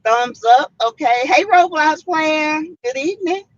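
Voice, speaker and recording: A high-pitched, expressive woman with a Southern US accent runs a casual live stream, speaking a little slowly and chatting to viewers with plenty of "mm-mm" and "y'all." There's no room sound, but the stream audio is slightly muffled and lo-fi.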